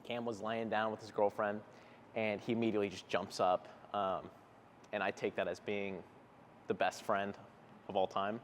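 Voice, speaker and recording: A man's voice: fairly low pitch, level tone, normal speed, a little hiss or hum. A young man chatting casually in a rambling, laid-back way, with lots of fillers, while working out in a gym. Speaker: fitness vlogger. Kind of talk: casual gym vlog chat. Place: gym, indoors.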